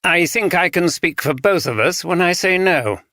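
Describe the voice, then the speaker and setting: A man's voice: sits high, expressive, moderate pace, sharp tone, no room sound, studio quality, voice pushed up, heavily acted. A man doing an icy, precise RP archdeacon. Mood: cool. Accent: RP English. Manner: very precise, refined.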